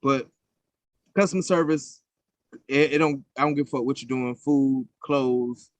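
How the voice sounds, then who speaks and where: Profane, animated man telling stories. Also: medium pitch, unhurried, dry recording. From United States. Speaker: podcast co-host. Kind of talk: casual chat.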